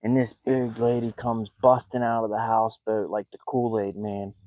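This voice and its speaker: A man's voice: level tone, moderate pace, a little mellow, rough recording. Chatty man fishing from a boat at night. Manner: chatty, joking, keeps his voice low. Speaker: fishing vlogger. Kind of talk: casual storytelling while fishing.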